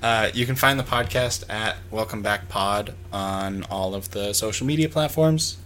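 A man's voice: lowish voice, unhurried, a bit bright, a little hiss or hum. A man co-hosting a podcast, bantering casually and laughing often. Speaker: podcast co-host. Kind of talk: casual chat.

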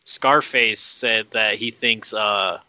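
A man chats casually on a podcast in a relaxed way. His voice is low but very sharp and bright, with a dry, close sound. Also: slow, dry recording, poor audio. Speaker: podcast co-host. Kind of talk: casual chat.

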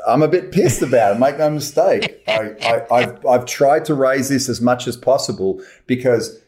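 Middle-aged man, Australian accent, casual interview guest, animated, stumbles over openers. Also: medium pitch, normal speed, noisy background. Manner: animated, repeats words when starting sentences. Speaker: actor guest. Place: remote call from home.

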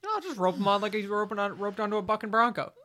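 A tabletop game player with a bright, sharp-edged voice. They talk with excited energy, curse constantly, and pitch plans with loose enthusiasm. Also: fast. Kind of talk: casual tabletop play.

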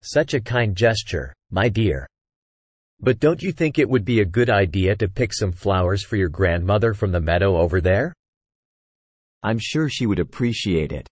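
Brief: man playing a cunning storybook wolf, fake-friendly, husky and lively. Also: fairly low pitch, moderate pace, no room sound. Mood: sly. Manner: feigned friendliness. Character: cunning sly male wolf.

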